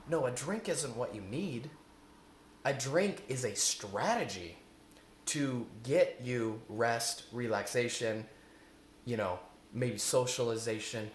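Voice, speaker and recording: A man's voice: medium pitch, expressive, measured pace, fairly bright tone, slight background noise. Earnest man teaching in an echoey room. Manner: earnest and repetitive, asks rhetorical questions. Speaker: eating coach. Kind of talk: spoken self-help lesson.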